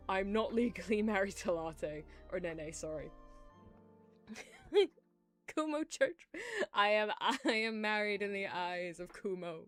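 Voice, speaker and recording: A woman's voice: medium pitch, animated, a little slow. Young female streamer, rambling and giggly, casual swearing, faint music underneath. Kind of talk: casual livestream chat while drawing.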